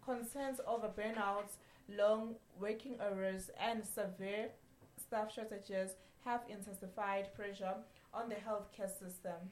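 A woman news anchor reading a radio news bulletin in a measured way, with a few slips and restarts. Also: mid-range voice, steady tone, a little mellow, echoey room. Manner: measured newsreader delivery with occasional slips and restarts.

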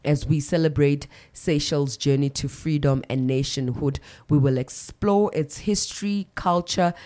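Woman radio host, very low voice, chatty morning-show delivery with self-corrections. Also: moderate pace, mellow. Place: radio studio.

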